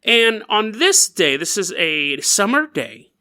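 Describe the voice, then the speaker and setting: A man hosting a podcast, telling a strange story in a playful, jokey way with quick asides. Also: high-pitched, big pitch swings, bright, forceful tone. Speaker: podcast host. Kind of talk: casual comedic storytelling.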